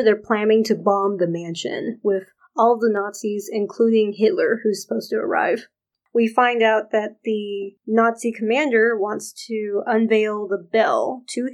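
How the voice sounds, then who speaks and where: A woman's voice: medium pitch, poor audio. Woman casually recapping a TV episode. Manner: deliberate plot recap with fillers. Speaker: podcast co-host recapping a TV episode. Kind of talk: casual chat.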